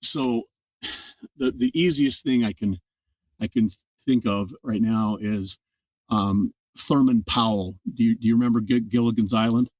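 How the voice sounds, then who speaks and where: A man's voice: mid-range voice, unhurried, a little mellow, no room sound. An older man, an audiobook narrator, talking through his craft as an interview guest in a thoughtful, explanatory way. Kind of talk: casual interview talk. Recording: dry sound from a distant mic.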